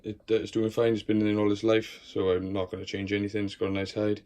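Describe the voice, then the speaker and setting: A man with a lowish voice talks casually through a tour of his tarantula collection in his bedroom. He swears freely and chats to the spiders, coaxing and scolding them as he films. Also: completely flat delivery, fast talker, darkish tone. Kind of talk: casual room-tour vlog. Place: bedroom at home.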